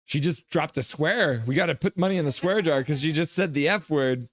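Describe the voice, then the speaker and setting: A man's voice: a little high, a little fast, dry recording, clean studio sound. Jokey man calling hockey on a stream. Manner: excitable, jokey, shouts at goals. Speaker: live-stream hockey watch-along host. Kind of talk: casual play-by-play and chat reading.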